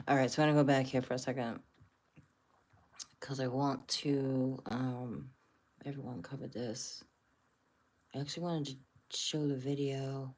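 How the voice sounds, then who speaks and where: A woman's voice: low-pitched, steady tone, measured pace, pauses often, darkish tone. A woman hosting a casual livestream, musing aloud and rambling with many fillers. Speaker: host.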